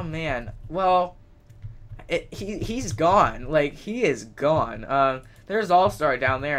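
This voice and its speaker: A man's voice: on the high side, fairly bright tone. Chatty young man narrating a game. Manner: chatty, exclaiming, thinks aloud. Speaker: let's play host. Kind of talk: gameplay commentary.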